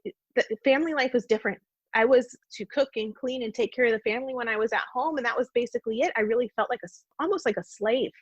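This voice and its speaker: Her voice sits a little high as she recounts her own journey of faith while guesting on a podcast, speaking with earnest warmth. The conversational testimony comes through in flat, dry podcast sound.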